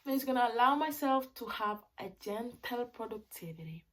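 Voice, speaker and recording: A woman in her twenties, a native Spanish speaker, talking in a casual vlog into her phone, swinging between loud excited bursts and quiet reflective stretches. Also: a little high, fairly quick. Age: 20s. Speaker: vlogger.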